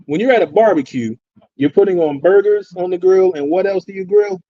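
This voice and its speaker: A man's voice: high voice, brisk, dry recording. A man with a northern US accent co-hosting a podcast, talking in a teasing, playful way. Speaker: podcast co-host. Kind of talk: casual chat. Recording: dry, dull, lo-fi sound.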